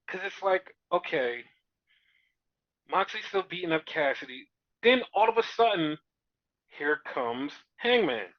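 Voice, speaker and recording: A man co-hosting a casual wrestling review chat, telling events in an animated, profane, exasperated way. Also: a little high, a little slow, pauses often. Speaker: podcast co-host. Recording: dull lo-fi recording.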